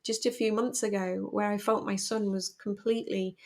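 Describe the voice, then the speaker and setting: A woman's voice: mid-range voice, moderate pace. A middle-aged woman speaking candidly and emotionally as a podcast guest about parenting. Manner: candid, emotional, animated storytelling. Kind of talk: personal conversation.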